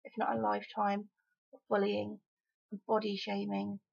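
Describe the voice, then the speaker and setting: A woman's voice: mid-range voice, monotone, moderate pace, gravelly, breathy edge, dull audio. A young woman from Wales talking frankly and emphatically in a casual opinion vlog, often exasperated. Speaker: vlogger.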